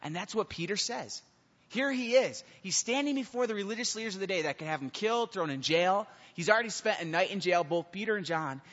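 A pastor preaches an animated sermon, slipping into the voices of the people in his stories. His voice sits a little high for a man. The sound is dull and lo-fi, with a long reverb trailing off the walls of a large hall. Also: a little fast.

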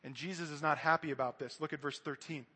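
Male preacher with a high voice, earnest and straight-talking to the church, reverberant hall. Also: steady tone, fast, sharp tone, breathy edge. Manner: earnest, direct, addresses the congregation. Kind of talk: sermon.

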